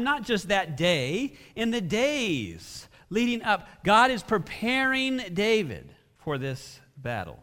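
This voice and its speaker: A man's voice: sits high, fairly bright tone. A man pastor giving a conversational sermon in a church hall, asking his listeners many rhetorical questions.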